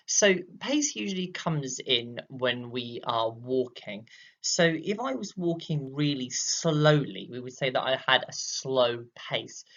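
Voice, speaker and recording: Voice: mid-range voice, a bit bright, muffled recording. A drama teacher giving a recorded lesson, explaining patiently with many fillers and acting out examples.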